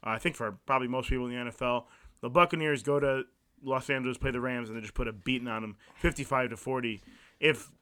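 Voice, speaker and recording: A man's voice: medium pitch, fairly even intonation, fast, pushed and bright. A man co-hosting a casual sports podcast, leading the game recaps and reciting stats. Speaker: podcast co-host.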